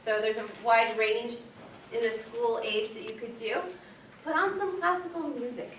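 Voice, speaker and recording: A bright, fairly high-voiced woman librarian chats through a workshop talk, animated and full of "um"s and "like"s. She sounds set back from the mic in an echoey library meeting room with a faint hiss of noise behind her. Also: normal speed, distant mic. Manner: chatty, animated, lots of fillers like "um" and "like". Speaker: children's librarian presenting at a workshop. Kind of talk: casual workshop presentation.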